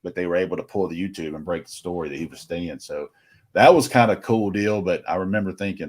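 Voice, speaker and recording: A man's voice: low voice, fast, a little mellow. A middle-aged man casually telling a rambling story, acting out what each person said. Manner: rambling anecdotal with quoted dialogue. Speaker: recruiting reporter.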